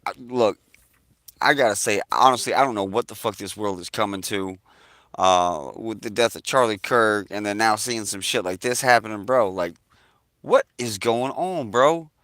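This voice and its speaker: A man vents in an agitated, profanity-laden rant straight to camera. His voice is bright and forceful, and he keeps circling back to the same phrases. The sound is dry and close. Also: fairly low pitch, moderate pace, no echo. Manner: agitated, swears constantly, repeats himself. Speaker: vlogger.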